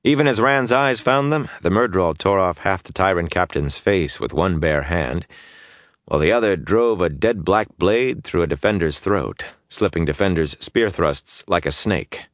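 A man's voice: deep voice, no room sound, clean studio sound. A man narrating a fantasy audiobook with intense, dynamic storytelling that swells through the battle scenes.

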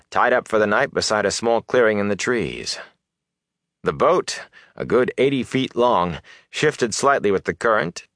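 A man narrating a fantasy audiobook with expressive, lively storytelling. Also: fairly low pitch, dry recording, studio quality.

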